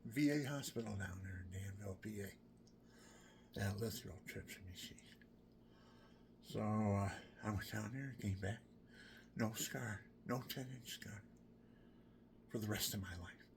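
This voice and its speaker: Give me a gravelly man in his sixties who rambles, dropping into whispers, with faint background noise. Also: fairly low pitch, measured pace, pauses often. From Pennsylvania, USA. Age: 60s. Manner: rambling, drifting into whispers and exclamations. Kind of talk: rambling personal story.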